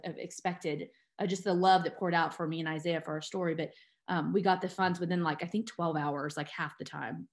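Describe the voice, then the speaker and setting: A woman, an adoptive mother and guest, telling her personal story with feeling, tearful and full of fillers and restarts. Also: fairly low pitch.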